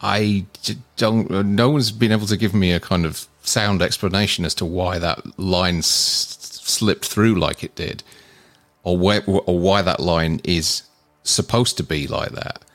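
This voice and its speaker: A man's voice: sits low, steady tone, unhurried, fairly bright tone. A man co-hosting a casual film podcast, earnestly explaining his picks at length. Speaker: podcast co-host. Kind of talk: casual film review chat.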